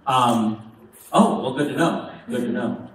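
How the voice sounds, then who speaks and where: A man's voice: mid-range voice, a little slow, distant mic. A man taking fan questions at a convention panel, joking wryly and laughing often at himself. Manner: wry, self-mocking, laughs often. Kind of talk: joking, casual Q&A on stage. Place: large convention hall. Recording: echoey hall picked up from afar, background noise.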